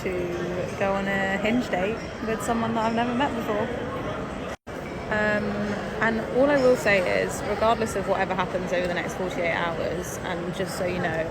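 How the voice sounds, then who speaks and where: A young woman filming a casual selfie vlog in an airport, talking in an excited, breathless way. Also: lowish voice, heavy background noise.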